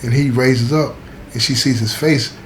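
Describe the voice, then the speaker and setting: A man's voice: mid-range voice, steady tone, moderate pace. A man telling a true-style story in a casual, emphatic way, talking straight to the listener. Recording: echoey room with faint background noise.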